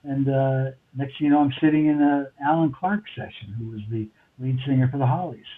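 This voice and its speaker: A man's voice: mid-range voice, a little fast, a little hiss or hum. An older man from New York City with a New York accent, a recording engineer telling long rambling stories full of fillers and restarts. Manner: meandering, many fillers and restarts. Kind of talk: rambling anecdotal storytelling. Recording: tinny phone line.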